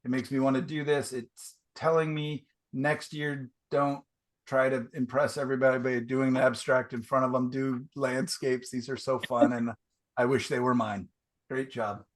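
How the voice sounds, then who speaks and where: A man's voice: mid-range voice, little pitch movement, normal speed. A man teaching a painting class, giving casual, enthusiastic feedback over a video call. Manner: casual, enthusiastic, chatty with fillers.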